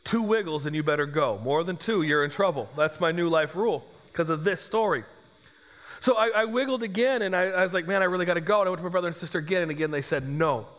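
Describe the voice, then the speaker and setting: A man in his forties preaches from the stage, his fairly high voice carrying through a large hall with a long echo. He tells his story with comic timing and acts out the dialogue with energy. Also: fast, fairly bright tone. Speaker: pastor. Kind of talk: storytelling sermon.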